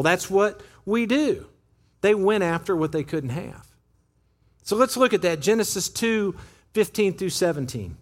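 A man preaching a sermon as pastor in a church, conversational and animated, acting out little quotes as he goes. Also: sits high. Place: church sanctuary.

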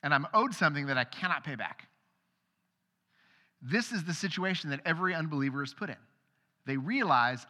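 A man's voice: on the high side, expressive, normal speed, bright, forceful tone, in a large hall. A male pastor giving a sermon in a conversational way, acting out the voices of people in the stories he tells. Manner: conversational, acts out quoted voices.

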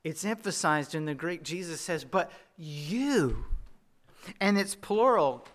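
A Southern US pastor preaches with a light, high-set voice and a bright, forceful edge. He keeps the tone conversational and throws rhetorical questions to the congregation. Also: expressive, slow pace. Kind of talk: sermon.

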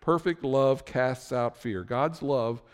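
A man preaching a sermon, telling the story with lively swings from low, quiet asides to high, excited bursts. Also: slow, big-room sound. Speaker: pastor.

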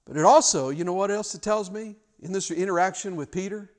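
A man preaching a sermon as pastor, retelling a passage in an emphatic, animated way with frequent restarts. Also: high-pitched, fairly quick.

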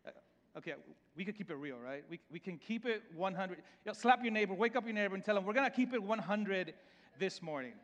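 A pastor with a Salvadoran Spanish accent delivers a loose, conversational sermon, stumbling over and repeating words as he goes. His voice sits high for a man. It carries a long reverb, as if from a large church hall. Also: expressive, quick pace, highs cut off. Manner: repeats words often and restarts, conversational preaching.

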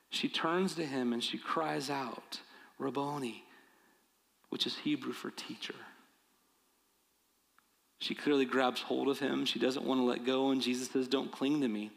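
A man's voice: mid-range voice, vocal fry, big-room sound, low-quality recording. A male pastor preaching a sermon, earnest and building to emphatic, repeated appeals.

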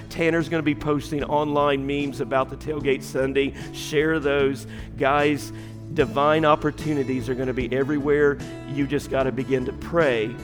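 A male pastor telling a story in a sermon and preaching to his congregation. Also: medium pitch. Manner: storytelling, rising to impassioned preaching. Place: church sanctuary. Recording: long reverb in a large hall.

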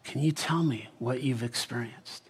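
A man telling a Bible story in the first person as a character, often dropping to a hushed whisper. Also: medium pitch, moderate pace, gravelly, breathy edge.

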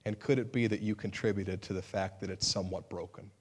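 A man's voice: on the low side, fairly even intonation, quick pace, slightly rough. A middle-aged male pastor preaching a sermon in an earnest way, with sudden emphatic outbursts and self-deprecating humor.

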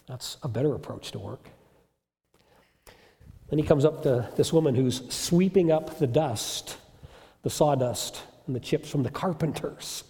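A man's voice: on the high side, moderate pace, warm tone, long reverb tail. A male pastor preaching a sermon in an emphatic storytelling manner with rhetorical questions.

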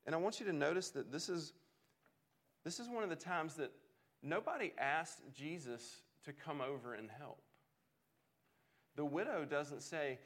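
A man's voice: a little high, animated, a little slow, pauses often. A man preaching a sermon in an earnest way, often repeating words as he restarts a thought. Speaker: pastor.

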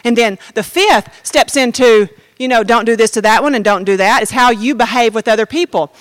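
A woman's voice: on the high side, a little fast, no echo. A woman giving a personal testimony as a sermon, talking straight to the congregation in a conversational way. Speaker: preacher.

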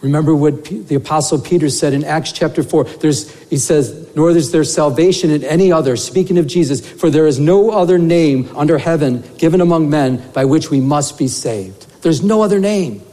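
A pastor preaching in a reverberant hall. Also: male voice, a little high, normal speed, few pauses. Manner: storytelling, animated, lots of "you know". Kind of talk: sermon. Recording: long reverb of a church hall.

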